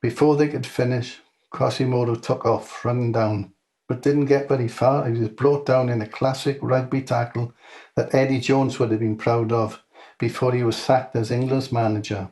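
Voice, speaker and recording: Man narrating a deadpan comic story. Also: mid-range voice, moderate pace. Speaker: author reading his own story.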